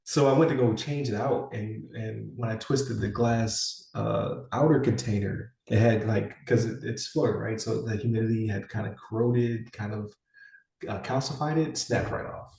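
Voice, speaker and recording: A man's voice: fairly low pitch, moderate pace, creaky, darkish tone, recorded from a distance. A man in his forties, co-hosting a podcast in rambling casual chat with many fillers and restarts. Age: 40s. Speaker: podcast co-host. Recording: echoey room, somewhat off-mic.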